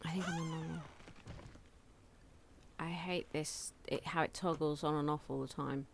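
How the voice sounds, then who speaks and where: A woman's voice: deep voice, fairly even intonation, normal speed, vocal fry, a little hiss or hum. A woman chatting casually and giggling as she live-streams a video game from home on a desk mic. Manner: chatty, giggly, talking to chat while playing.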